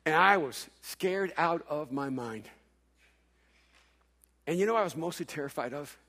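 A man preaching a sermon, telling a story with playful humor and quick stammered restarts. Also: a little high, lively intonation, sharp tone. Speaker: pastor. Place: large hall with long reverb. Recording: echoey hall reverb.

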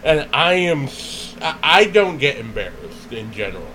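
A man's voice: a little high, moderate pace, a little hiss or hum, low-quality recording. A man telling a funny story in casual chat, laughing often and acting out what people said. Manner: animated, laughs often, acts out quoted voices.

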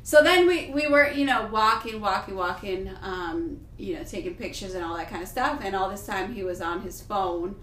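A woman co-hosting a podcast, telling a personal story in an animated, casual way with lots of fillers. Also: mid-range voice, normal speed, few pauses. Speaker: podcast co-host. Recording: echoey room with faint noise.

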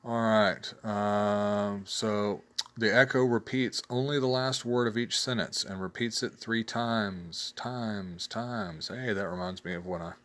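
A man's voice: fairly low pitch, steady tone, measured pace, fairly bright tone. A man casually hosting a solo talk show, reading tabletop game tables aloud, chatty and laughing at his own jokes. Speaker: host reviewing tabletop game blogs.

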